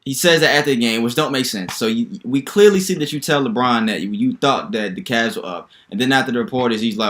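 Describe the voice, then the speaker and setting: A young man hosting a solo basketball commentary video, talking in an animated, incredulous, rambling way with lots of repetition. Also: mid-range voice, brisk, hardly any pauses. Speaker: sports video host.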